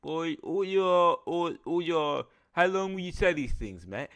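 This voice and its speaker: A man's voice: fairly high pitch, expressive, a little slow, a bit bright. A man voicing a stern, lecturing biblical figure in a mock British accent that drifts toward Australian, with blustery, stumbling scolding.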